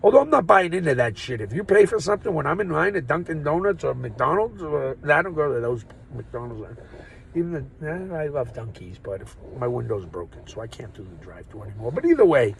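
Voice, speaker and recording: A man's voice: fairly high pitch, sing-song, a little fast, creaky, slight background noise, rough recording. A man talking into his phone in a rambling, profane, joking monologue that keeps wandering off topic. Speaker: vlogger. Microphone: phone or camera mic.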